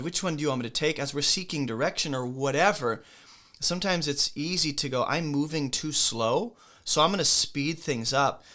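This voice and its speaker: Young man, bright forceful voice, casual earnest preaching, conversational asides. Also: on the high side. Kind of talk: informal sermon.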